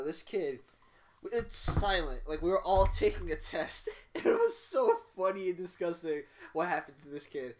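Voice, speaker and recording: A young man on a casual podcast, telling a story in loose, slangy talk that circles back and repeats itself. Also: a little high. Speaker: podcast co-host.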